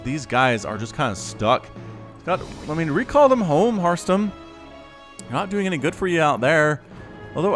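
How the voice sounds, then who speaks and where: A man casting a strategy game solo, chatty and excitable, with sudden high-pitched exclamations. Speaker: esports caster. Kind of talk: solo play-by-play game commentary. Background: faint background music.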